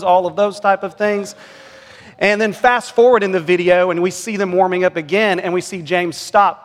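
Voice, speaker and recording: A man's voice: on the high side, fairly bright tone. A man, a pastor giving a conversational, earnest sermon with stories. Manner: conversational, earnest preaching with anecdotes. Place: large church sanctuary. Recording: long church reverb.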